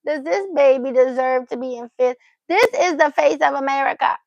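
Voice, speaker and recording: A woman's voice: sits high, normal speed, vocal fry, no room sound, muffled recording. A woman hosting a casual livestream, chatting to viewers and cooing playfully at her pet between remarks. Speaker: livestream host.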